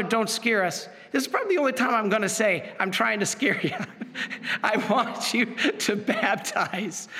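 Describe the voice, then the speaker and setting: A man's voice: high-pitched, pushed and bright, big-room sound. A man preaching as a priest in an earnest, emphatic sermon, pleading and repeating his point.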